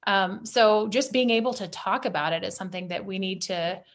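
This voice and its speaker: A woman's voice: medium pitch, fairly quick. A woman speaking as a podcast guest who talks candidly and from the heart in casual conversation.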